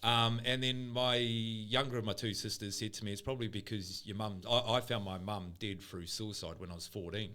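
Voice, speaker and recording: A man's voice: fairly low pitch, steady tone, moderate pace, few pauses, sharp tone. A man on a casual podcast, rambling and swearing as he tells an emotional personal story. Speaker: podcast co-host.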